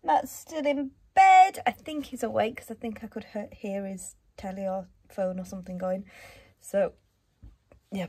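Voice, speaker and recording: Husky woman chatting. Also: medium pitch, normal speed, a little mellow. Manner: chatty and rambling, often talks to her dog. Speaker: vlogger. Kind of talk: casual vlog chat.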